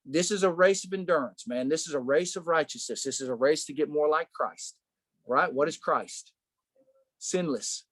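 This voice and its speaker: Man teaching a Bible study, slightly high voice. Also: moderate pace, no room sound. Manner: animated, rhetorical questions, says "man" often.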